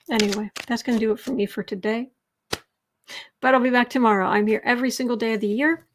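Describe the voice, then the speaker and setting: A woman's voice: on the high side, moderate pace, long pauses. A woman hosting a tarot and astrology channel, signing off to viewers in a wry, chatty, reassuring way. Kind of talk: casual sign-off to viewers.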